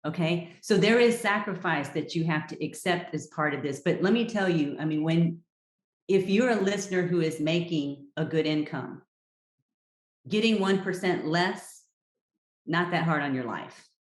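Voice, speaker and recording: A woman's voice: lowish voice, moderate pace. A woman, a health coach guest on a podcast, giving advice in an emphatic, direct and encouraging way. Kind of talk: casual chat, giving advice. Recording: roomy echo.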